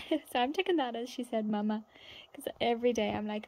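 A young woman with a slightly high, somewhat mellow voice talks fairly quickly in a casual vlog from inside her home. As a mother, she drops into sing-song baby talk at times.

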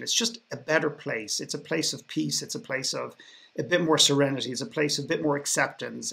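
This Irish man speaks with a fairly high, slightly bright voice touched by vocal fry. He's a podcast guest from Ireland, sarcastically telling a story during a panel conversation and often restarting his sentences.

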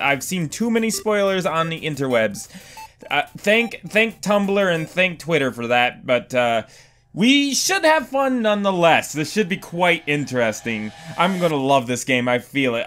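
A man hosting a game let's-play with excitable, goofy commentary that jumps into loud whoops. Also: fairly high pitch. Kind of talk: gameplay commentary.

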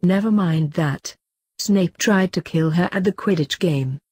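A woman's voice: fairly low pitch, unhurried, slightly rough, no echo, studio quality. Woman reading as a resolute, earnest schoolboy. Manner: loud and resolute. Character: earnest, plump-faced schoolboy.

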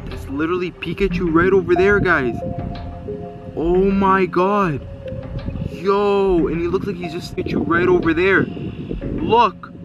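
A young man vlogging outdoors in a field, talking in excitable, slangy bursts and calling out to his viewers. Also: high-pitched, a little fast, few pauses, lo-fi sound. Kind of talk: casual vlog commentary. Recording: music playing loudly underneath.

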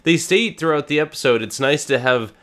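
A man with a cold, co-hosting a casual fan discussion podcast, talking in an excited and halting way with many restarts. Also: on the high side. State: has a cold. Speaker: podcast co-host.

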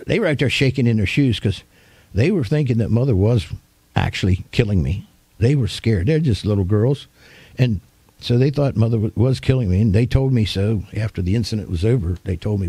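Older man preaching with a warm, mellow voice. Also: mid-range voice, moderate pace, pauses often, breathy edge, dry recording. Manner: folksy, homespun storytelling; vivid, animated retelling. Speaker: pastor. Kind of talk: storytelling sermon.

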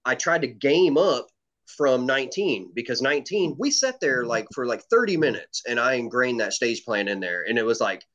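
A man's voice: medium pitch, animated, normal speed, a bit bright. Guy rambling thru a story, swears a bunch, lots of um and like, kinda muffled lo-fi sound. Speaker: competitive shooter guest. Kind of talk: casual podcast chat. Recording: dull lo-fi audio.

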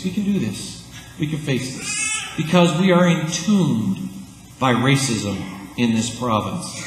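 Male pastor, lively sermon delivery with loud and hushed turns, church with long reverb and faint room hum. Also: mid-range voice. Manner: animated, swinging between loud calls and hushed asides. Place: church sanctuary. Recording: echoey church hall.

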